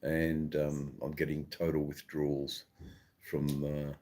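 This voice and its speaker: A middle-aged Australian man with an Australian accent, hosting a relaxed, rambling live stream and chatting with viewers, with many ums and restarts. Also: very deep voice, takes it slowly. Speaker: livestream host. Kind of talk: casual live-stream chat, reading viewer comments.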